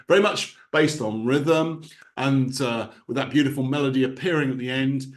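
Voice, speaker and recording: A man's voice: mid-range voice, a little fast. Man musing aloud about music. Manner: thinks aloud, hums rhythms as da-da-da. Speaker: composer. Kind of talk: informal spoken lecture on music.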